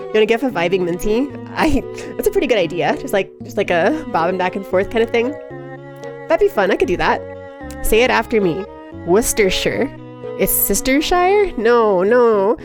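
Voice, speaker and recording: A woman's voice: medium pitch, expressive, fairly quick, music in the background. A woman live streaming who chats casually and reads chat aloud, giggly and playful with frequent laughter.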